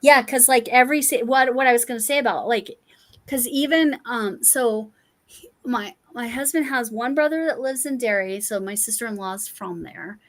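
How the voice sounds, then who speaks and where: A woman's voice: fairly high pitch, normal speed. A woman from Colorado hosting a casual livestream chat while crafting, curious and musing aloud. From Colorado, USA. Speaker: host.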